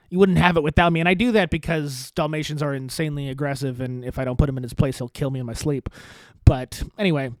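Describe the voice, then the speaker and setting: A man with a fairly high voice riffs through profane, sarcastic political commentary on his podcast. He laughs often between thoughts. The recording is close and dry, with no room sound. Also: dry recording. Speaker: podcast host. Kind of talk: crude rambling political commentary.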